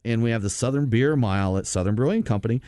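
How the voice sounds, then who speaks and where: A man co-hosting a casual beer radio show, reading out local events in a relaxed way. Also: medium pitch, fast, clean tone, no room sound, studio quality. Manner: easygoing event-listing delivery. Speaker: podcast co-host.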